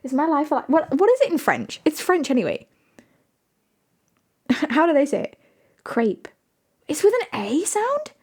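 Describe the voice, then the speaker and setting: A woman's voice: high voice, huge pitch swings, unhurried, pauses often, a little mellow. A young woman streaming live, chatting casually with viewers in a giggly, rambling, self-mocking way. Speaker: livestreamer.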